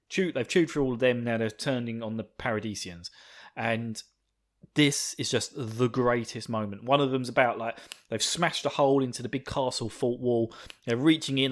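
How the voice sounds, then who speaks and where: A man hosting a podcast, recapping an episode in a gushing, excitable, swearing way. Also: mid-range voice. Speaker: podcast host.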